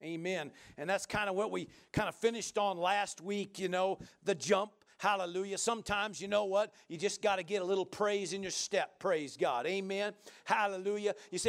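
A middle-aged male pastor preaching a sermon, moving from quiet talk into shouted praise. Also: sits high, fairly quick, hardly any pauses.

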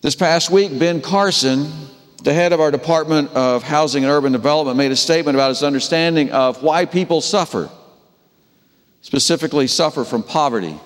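A man preaching a sermon, telling the story with animated delivery and acting out the characters' voices. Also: on the high side, fairly quick, in a large hall. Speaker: pastor.

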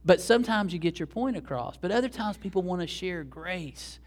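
Animated pastor, higher-pitched man. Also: normal speed. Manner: animated, acts out quoted dialogue with raised voice. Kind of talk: sermon.

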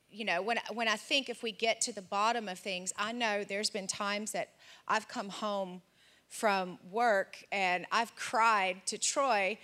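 A woman candidly sharing a personal story in a group discussion, in a lively anecdotal way. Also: mid-range voice.

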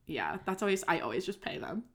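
A woman's voice: mid-range voice, very animated, fast. A young woman co-hosting a podcast, chatting in a playful, easygoing way and swearing casually. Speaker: podcast co-host. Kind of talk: casual chat.

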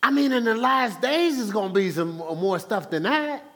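A male pastor acting out Jesus talking things over with God, casual and exasperated in tone. The fairly high male voice rises and falls freely as he muses aloud in a sermon retelling. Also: animated, moderate pace, a bit bright. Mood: exasperated musing. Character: weary adult male Jesus musing to God.

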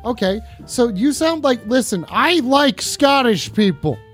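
A man hosting a live call-in show, excitable and giggly, fumbling his words as he talks. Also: very high-pitched, measured pace, faint music behind. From Canada. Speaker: host.

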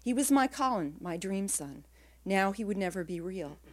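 A woman writer reading her own literary prose aloud in a quiet, measured way, her phrases trailing off softly. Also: mid-range voice, lively intonation.

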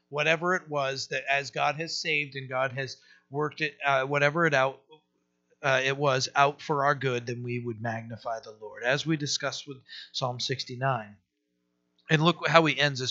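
A man's voice: fairly high pitch, sharp tone, lo-fi sound. A male pastor teaching a sermon in a conversational way, full of rhetorical asides and restarts.

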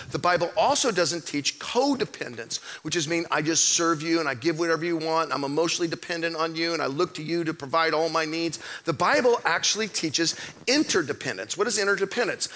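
A middle-aged man preaching in a church auditorium with a high, bright, forward voice. He delivers his sermon in a playful, animated way, dropping to hushed asides and then building to near-shouts. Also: fairly quick. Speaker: pastor.

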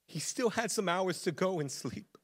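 A young adult man preaching a sermon as pastor, animated and casual, with slang. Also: sits high, moderate pace.

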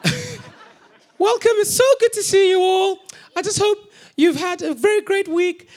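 A man putting on the voice of a sweet, soft-spoken female Pilates instructor in a breathy falsetto. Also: unhurried. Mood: sugary. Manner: breathy, sing-song falsetto.

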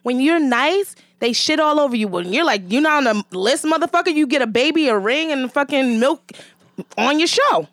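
High-voiced, blunt, teasing female co-host. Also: animated, normal speed, a bit bright, no echo, studio quality. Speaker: podcast co-host. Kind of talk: casual podcast chat.

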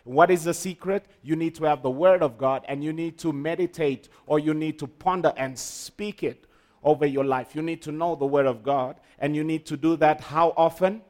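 Man, pastor, emphatic sermon, slightly high voice, call-and-response. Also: fairly even intonation, normal speed, darkish tone.

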